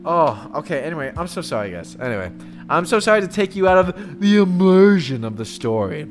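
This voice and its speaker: A man's voice: on the high side, sing-song, a little fast, faint music behind. A man streaming a horror game, nervously commenting and talking to his chat.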